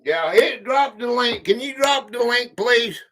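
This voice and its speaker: Southern guy w country drawl running a quiz stream, slow easygoing talk, kinda far off the mic. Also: extremely high pitch, animated, fairly bright tone. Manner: chatty, banters with chat and reads quiz questions aloud. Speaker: quiz livestream host. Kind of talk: casual livestream chat.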